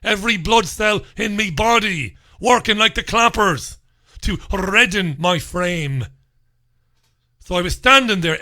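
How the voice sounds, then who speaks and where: A man, hosting a radio show and telling a comic story in an animated, sardonic, swearing way from a studio. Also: high voice. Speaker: radio host.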